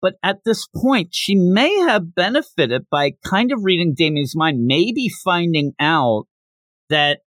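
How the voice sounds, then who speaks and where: Speaking a little slowly in a high-pitched voice, a podcast host casually summarizes a manga chapter. He is animated, breaks into character voices, and the audio has no room sound.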